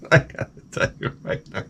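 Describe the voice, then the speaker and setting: A man's voice: a bit bright, slight background noise. A man in his forties with a sarcastic, self-mocking manner, rambling through a comic story outdoors by his shed. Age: 40s. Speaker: vlogger. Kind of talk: rambling comedic monologue.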